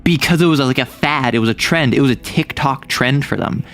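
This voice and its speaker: Talking a little fast in a mid-range, slightly bright voice, a young US streamer chats casually. His delivery is jokey and wandering, and he often interrupts himself partway through an idea.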